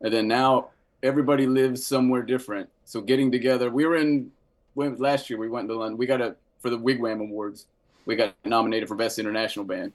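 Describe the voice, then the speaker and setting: A middle-aged man from Florida talks with a Southern American accent at an easy, mid-pitched level. He is a band member guesting on a call, cracking jokes and laughing often in casual chat. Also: steady tone, quick pace. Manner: laid-back, joking, laughs often. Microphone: video call.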